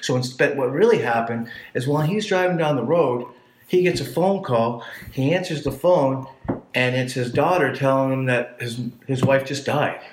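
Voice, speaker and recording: A man telling his life story in a casual chat, blunt and profane, getting animated when he retells scenes. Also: mid-range voice, moderate pace, roomy sound, a little hiss or hum, low-quality recording.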